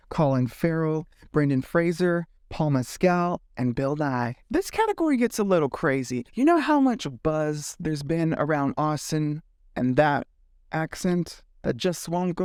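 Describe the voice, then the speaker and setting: A man hosting a casual movie commentary vlog, sassy and animated, swearing freely and slipping into mock voices. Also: fairly high pitch, dry recording, clean studio sound. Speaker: film commentary host.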